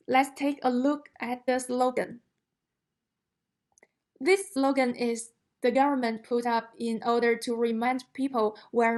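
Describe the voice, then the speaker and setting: A woman whose first language is Chinese, teaching a language lesson, explaining carefully and demonstrating tones aloud. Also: a little high.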